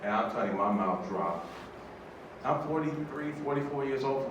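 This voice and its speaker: A man in his fifties, a judge, tells a personal story to an audience with animated, emotional delivery and acted-out voices. His voice sits in a middle range and echoes heavily through a hall, picked up from afar with background noise. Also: medium pitch, normal speed, far from the mic. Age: 50s.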